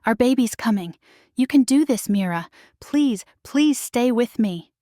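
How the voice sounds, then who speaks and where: A woman's voice: a little high, animated, measured pace, warm tone, dry recording, clean studio sound, voice pushed up. A woman voicing a male werewolf alpha who pleads with a breaking voice in an audiobook romance story. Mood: tender pleading.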